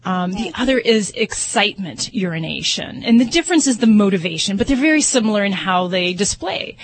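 A woman's voice: medium pitch, lively intonation, brisk, low-quality recording. Friendly woman giving pet advice. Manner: explanatory, friendly, laughs easily. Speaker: pet behavior expert. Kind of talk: radio advice.

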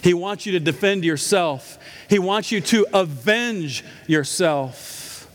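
A man's voice: high-pitched, expressive, takes it slowly. A middle-aged male pastor preaching a sermon, telling stories with emphatic, humorous asides. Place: church sanctuary. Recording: echoey church hall.

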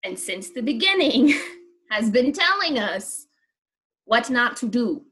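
A woman co-hosting a podcast, chatty and animated, swearing freely with plenty of fillers. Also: fairly high pitch, takes it slowly. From United States. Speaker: podcast co-host. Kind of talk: casual chat.

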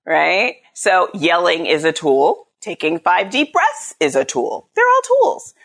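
A woman in her thirties, a parenting coach in a podcast interview, acting out quotes with big pitch jumps. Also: wildly swooping pitch, measured pace, creaky, a bit bright.

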